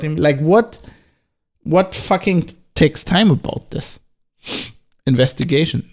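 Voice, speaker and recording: A man's voice: a little high, lively intonation, slow pace, pauses often. A man with a German accent hosting a solo podcast, talking in a casual, agitated way, swearing and firing off rhetorical questions. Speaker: podcast host.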